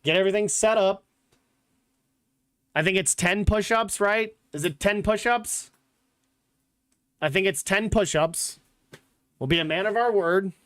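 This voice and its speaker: High-voiced, rambling male podcast host. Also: unhurried, long pauses, fairly bright tone. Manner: rambling, filler-heavy talk with frequent "like" and "literally"; blunt, joking opinions. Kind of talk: casual sports podcast chat.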